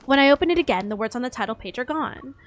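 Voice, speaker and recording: A woman's voice: sits high, expressive, rapid-fire, faint music behind. Young woman reading game story aloud. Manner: reads narration, breaks off into joking asides. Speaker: streamer.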